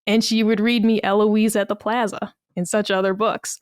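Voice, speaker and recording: A woman with a Massachusetts accent, talking through stories on a podcast in an easy, chatty way and acting out what others said. Her voice sits at an ordinary middle pitch. The sound is dry, with no room echo. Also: normal speed, clean tone. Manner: chatty storytelling, quotes people in lively asides. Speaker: podcast co-host. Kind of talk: casual podcast chat.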